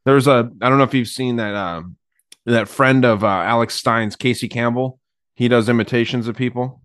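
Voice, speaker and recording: A man's voice: mid-range voice, normal speed, fairly bright tone, smooth, no echo, clean studio sound. A man hosting a podcast, chatting casually and crudely with lots of fillers. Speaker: podcast host. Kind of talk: casual chat.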